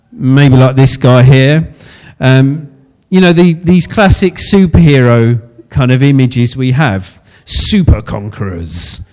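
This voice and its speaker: A man's voice: mid-range voice, darkish tone, smooth. A man preaching a sermon in a chatty, self-deprecating way, laughing often at his own slips.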